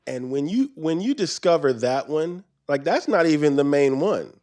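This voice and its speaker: A man's voice: fairly high pitch, expressive, normal speed, a little mellow. A man interviewing an author onstage at a bookstore, asking rambling, searching questions. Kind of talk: onstage book conversation. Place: bookstore event.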